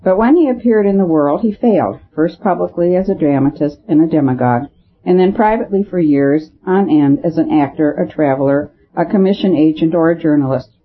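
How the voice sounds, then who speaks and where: A measured storybook narrator reading a classic tale in steady phrases. The voice is husky and a little rough. The recording is squeezed into a thin, tinny band, much like a phone call. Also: medium pitch. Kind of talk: audiobook narration.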